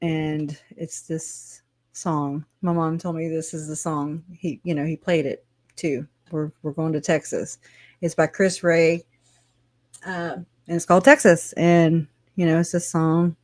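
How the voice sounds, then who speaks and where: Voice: medium pitch, flat delivery, a little slow, dry recording, studio quality. Chatty, rambling livestream host. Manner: rambling, chatty, swears, laughs often. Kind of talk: casual livestream commentary.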